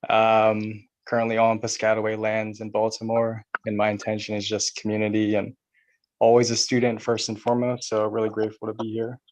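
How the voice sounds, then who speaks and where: A man introducing himself softly with fillers on a video call. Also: on the low side, fairly quick. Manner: soft, flat, with fillers. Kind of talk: casual self-introduction. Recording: muffled distant video call audio.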